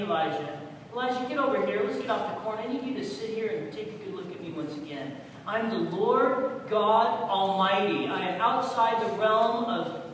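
The Lord God speaks in a high male voice, firm and commanding, repeating his orders slowly and emphatically, as a preacher puts him on mid-sermon. The sound rings through a large church hall with a long echo, picked up from a distance over a low rumble. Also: fairly bright tone. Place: large echoey church sanctuary. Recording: echoey hall, distant mic, rumbling noise.

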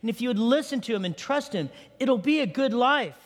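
Speaking briskly in a very high-pitched, animated voice, a middle-aged man preaches in a church sanctuary. His sermon is conversational and full of questions put to the congregation, and the hall gives a long reverb.

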